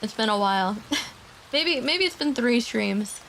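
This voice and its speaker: Quiet gravelly-voiced woman streamer. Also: fairly high pitch, animated, a little slow, slight background noise. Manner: soft-spoken, talking quietly; laughs often, swears casually. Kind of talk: casual livestream chat. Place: home streaming setup. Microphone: desk streaming mic.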